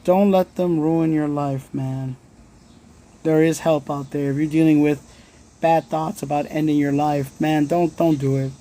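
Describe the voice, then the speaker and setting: A man's voice: a little high, fairly even intonation, unhurried, warm tone. Blunt, earnest man streaming live. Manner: blunt, earnest, swears freely, talks straight to viewers. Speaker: livestream host. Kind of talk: casual motivational livestream talk. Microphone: phone.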